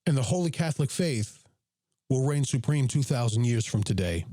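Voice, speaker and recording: Animated man hosting a reaction stream. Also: mid-range voice, moderate pace, no room sound, clean studio sound. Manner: animated, emphatic, jokey asides. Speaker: host reacting to his own show. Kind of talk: live commentary over video clips, reading chat.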